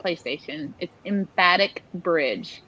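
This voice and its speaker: A woman's voice: fairly low pitch, sing-song, slow pace, pushed and bright, highs cut off. A woman joining her husband's live stream in casual chat, giggly and easygoing. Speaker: host's wife, guest.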